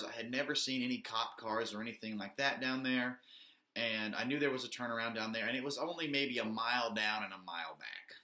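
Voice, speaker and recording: A man's voice: medium pitch, sharp tone. A man casually telling a personal story, rambling with lots of "like" and some swearing. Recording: echoey room.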